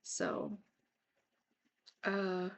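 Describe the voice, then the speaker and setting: Gravelly-voiced woman rambling through an update. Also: mid-range voice, completely flat delivery, extremely slow. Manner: rambling, repetitive, with fillers and soft laughs. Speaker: vlogger. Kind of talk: casual personal update.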